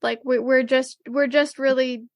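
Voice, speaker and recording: A woman co-hosting a podcast, recapping an anime episode in casual chat, rambling with lots of fillers and quick acted-out quotes. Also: high-pitched, flat delivery, dry recording. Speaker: podcast co-host.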